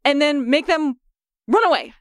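A woman's voice: sits high, expressive, moderate pace, no echo, studio quality. A woman playing in a tabletop game, chatty and earnest. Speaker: player. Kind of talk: casual play.

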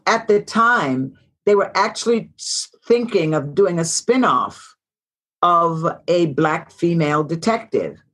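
A woman's voice: fairly low pitch, sing-song, slow, fairly bright tone. A woman in her sixties, a guest actress in an interview, telling stories in a reflective way and repeating phrases for emphasis. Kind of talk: casual interview talk.

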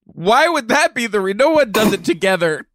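A man co-hosting a comedy podcast, teasing the guest in a deadpan, mock-serious way. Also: high voice, moderate pace. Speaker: podcast co-host. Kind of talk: casual comedic chat.

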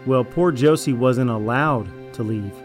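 Man doing a manipulative raider, smug, menacing, audio drama, medium pitch. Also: measured pace, faint music behind, natural voice. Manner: falsely friendly, then arrogant and threatening.

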